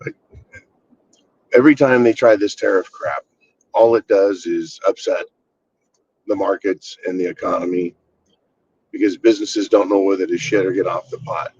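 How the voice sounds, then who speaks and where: A man's voice: deep voice, normal speed, long pauses, darkish tone, breathy edge, dull audio. A man hosting his own channel, ranting bluntly and with exasperation, swearing freely. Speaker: channel host. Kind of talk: casual political rant.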